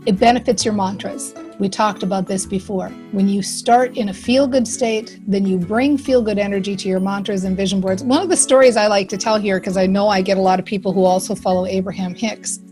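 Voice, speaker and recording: A woman giving an upbeat, chatty self-help presentation to a live online audience, full of "like" and quick asides. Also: medium pitch, steady tone, a little mellow, faint music behind. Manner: upbeat, chatty, lots of fillers and likes.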